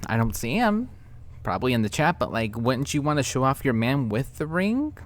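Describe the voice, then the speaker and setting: Sarcastic reaction commentator, lively pitch. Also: normal speed. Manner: sarcastic and teasing, addressing viewers.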